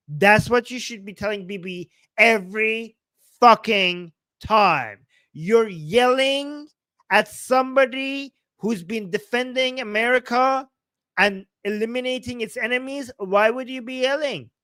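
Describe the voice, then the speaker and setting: Ranting profane livestream host, dry sound. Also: male voice, extremely high pitch, unhurried, bright, forceful tone, clean tone, no room sound. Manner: ranting, emphatic, profane, repeats phrases for force. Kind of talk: heated political livestream talk.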